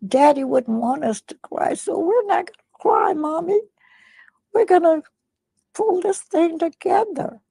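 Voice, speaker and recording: A woman's voice: very high voice, animated, a little slow, vocal fry, warm tone, no room sound, pitched above the performer's own voice, exaggerated voice. An older woman voicing a distraught young girl who insists to her mother that they will not cry. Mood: tearful resolve.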